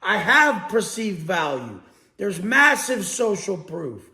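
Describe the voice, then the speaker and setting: Man, motivational coach, gravelly high voice, blunt and swearing, echoey room. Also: fairly bright tone. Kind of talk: profane motivational monologue.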